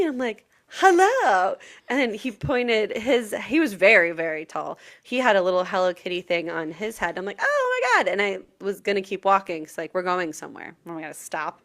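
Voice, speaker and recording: A woman's voice: medium pitch, a bit bright. A young adult woman co-hosting a casual podcast, telling festival stories with acted-out quotes and frequent laughter. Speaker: podcast co-host. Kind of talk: casual festival recap chat.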